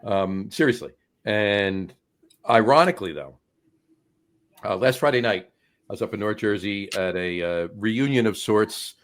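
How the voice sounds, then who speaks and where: Middle-aged male podcast co-host, lowish voice, meandering talker who trails off and restarts. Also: measured pace. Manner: rambling, many fillers and restarts. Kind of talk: casual podcast chat.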